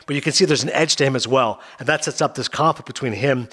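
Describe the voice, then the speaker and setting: A man hosting a radio show, chatting casually and quickly about movies, rambling and animated. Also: medium pitch, slightly rough. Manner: fast, rambling, animated with impressions. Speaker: radio host. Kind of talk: casual film talk.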